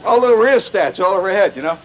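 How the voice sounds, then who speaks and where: Man from Indiana, live humorous monologue, high voice, mock-indignant wit, muffled 70s tape with light hiss. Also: lively intonation, very fast. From Indiana, USA. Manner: wry, digressive, mock-indignant. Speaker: storyteller performing for a live audience. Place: live venue with an audience. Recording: muffled 1970s live recording.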